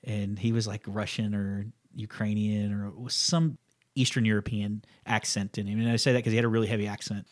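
Guy in his 30s on a podcast, talks fast, animated storyteller doing little voices for people. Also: on the low side. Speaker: podcast co-host. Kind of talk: casual podcast chat.

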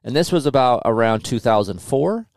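A man's voice: medium pitch, lively intonation, normal speed, darkish tone, dry recording, studio quality. A middle-aged man, a motorcycle test rider, telling stories in a loose, casual way with lots of fillers and swearing. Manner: loose, profane, filler-heavy storytelling. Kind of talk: casual storytelling interview.

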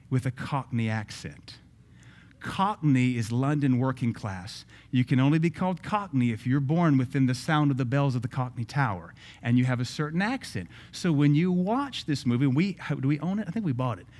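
A man's voice: medium pitch, darkish tone. Emphatic man posing rhetorical questions. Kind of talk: opinionated social commentary.

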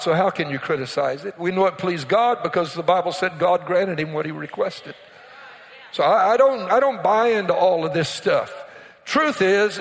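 A male pastor with a notably high-pitched voice delivers a sermon to his congregation, the sound carrying a long reverberant tail from the church hall. He speaks directly to the pews with asides and prompts, and pushes into emphatic, almost shouted peaks. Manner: preaching with call-and-response asides to the congregation. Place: church sanctuary.

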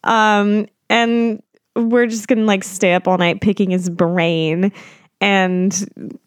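A woman's voice: medium pitch, fairly even intonation, takes it slowly, clear, resonant tone, no echo, studio quality. A young woman co-hosting a podcast in casual chat, playful and giggly, often breaking into silly voices. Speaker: podcast co-host.

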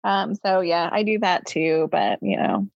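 A woman in her forties, hosting a casual chat and telling stories about her kids, animated and talkative. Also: on the low side, a little slow, creaky, dull audio. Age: 40s. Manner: chatty, animated storytelling with mimicked voices. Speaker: host, parent.

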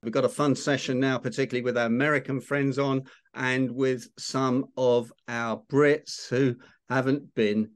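A man's voice: mid-range voice, fairly even intonation, normal speed. Older cockney guy from london hosting an online chat, playful, quizzing folks on slang. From London, England. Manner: chatty and playful, quizzing the audience. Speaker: host of an online talk session. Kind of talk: casual hosted chat on slang.

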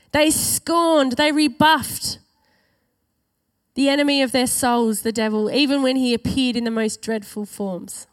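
A woman preaching a sermon to her church, earnest and emphatic, slowing down to stress key phrases. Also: high-pitched, fairly even intonation.

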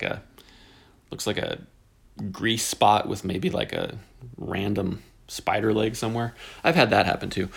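A man's voice: lowish voice, vocal fry. A man in his forties hosting a podcast, talking in a casual, jokey way that wanders into tangents. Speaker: podcast host. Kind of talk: casual rambling podcast monologue.

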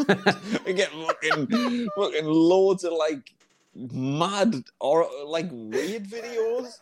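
A man, co-hosting a podcast and telling stories in an animated, incredulous, sweary way. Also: high voice, very slow. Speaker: podcast co-host. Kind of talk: casual chat.

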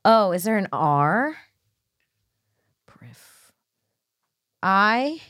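A woman's voice: medium pitch, big pitch swings, drawn-out words, a bit bright, no echo, clean studio sound. A woman comedian co-hosting a podcast, trading profane, teasing banter and slipping into silly mock voices.

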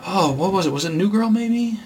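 A man's voice: high-pitched, animated, fairly quick, slightly rough. A man co-hosting a podcast in casual chat, rambling and retelling funny clips in jumpy voices. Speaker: podcast co-host.

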